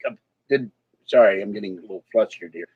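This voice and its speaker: Talking fast in a husky, fairly low voice, a man rambles casually to camera in a vlog, griping about how his day went. The recording has a slightly dull, lo-fi quality.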